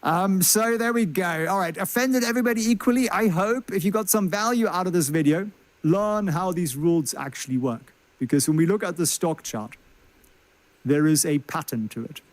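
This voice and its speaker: A man's voice: high voice, moderate pace, dry recording. Chatty man explaining stock charts. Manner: chatty, joking, asks the viewers questions. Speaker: stock market commentator. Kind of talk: livestreamed stock chart commentary.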